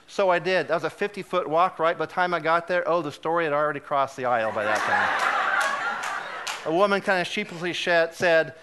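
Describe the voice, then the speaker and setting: A man delivers a sermon with an animated, self-deprecating storytelling style. His voice sits high for a man and sounds bright and crisp, and he laughs often at his own mishaps. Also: brisk. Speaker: guest preacher. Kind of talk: sermon with humorous personal story.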